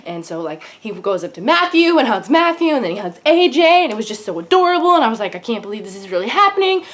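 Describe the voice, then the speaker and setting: Hyperactive young woman gushing fast. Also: on the high side. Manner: hyperactive, gushing, breathless fangirl excitement. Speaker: vlogger. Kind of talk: excited storytelling vlog. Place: home.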